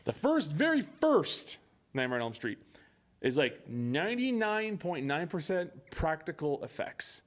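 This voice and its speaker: Young guy podcast cohost, swears a ton, super animated voice, acts out bits from movies. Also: on the high side, measured pace. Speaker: podcast co-host. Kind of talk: casual chat.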